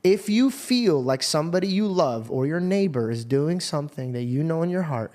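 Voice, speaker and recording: A man's voice: on the high side, expressive, normal speed, darkish tone. Casual, swearing male podcast host. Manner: casual, swearing, heartfelt anecdotes. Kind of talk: casual storytelling in an interview.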